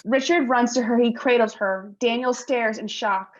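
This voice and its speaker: A woman reading stage directions aloud in a play reading, tense and measured. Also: fairly high pitch, lo-fi sound.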